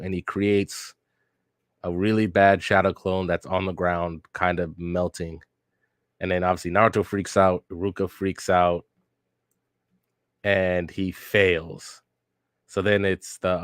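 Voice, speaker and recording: A man's voice: sits low, dry recording, studio quality. A man hosting a reaction video, reading a manga aloud and commenting in a rambling, casual way with fillers and swearing.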